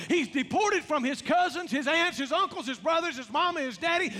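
A man's voice: extremely high pitch, pushed and bright. A man preaching a sermon, calling out to the congregation in a rhythmic, rising delivery. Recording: long reverb of a large hall.

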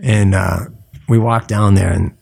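A man's voice: fairly low pitch, fairly even intonation, unhurried, gravelly, darkish tone. A man from the US East Coast, a podcast guest telling stories in casual chat, swearing freely and acting out voices.

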